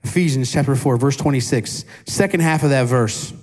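A man in his thirties preaching a sermon in a casual, animated way, asking his congregation questions and poking fun at himself. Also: medium pitch, moderate pace, few pauses. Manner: self-deprecating humor. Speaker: pastor. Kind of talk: conversational sermon.

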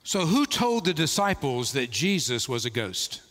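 Man, pastor, sermon, slow emphatic delivery, mid-pitched voice, echoing church hall. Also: sing-song, fairly bright tone. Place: church sanctuary. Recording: long reverb of a large hall.

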